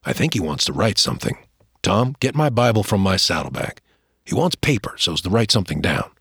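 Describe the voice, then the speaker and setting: A man voicing a grave, practical frontier father who speaks low and measured in a storybook reading. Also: sing-song, a bit bright, slightly rough, no echo, clean studio sound, full character voice. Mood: thoughtful.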